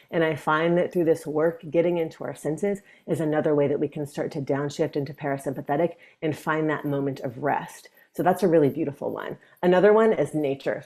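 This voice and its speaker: A woman guest on an interview podcast, a breathwork teacher speaking gently and reflectively. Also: deep voice. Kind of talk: conversational interview.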